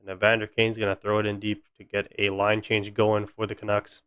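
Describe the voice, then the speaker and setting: A man's voice: on the low side, fairly bright tone, clear, resonant tone, no echo, studio quality. A young man giving fan play-by-play on a live stream, frustrated and sarcastic about his team. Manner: exasperated, sarcastic fan commentary.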